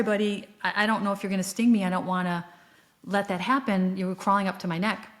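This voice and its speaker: A woman talking alone on her podcast, her voice sitting at an ordinary middle pitch. She tells a personal spiritual story in an earnest, reflective way, often pausing on fillers and breaking into soft laughs. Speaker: podcast host.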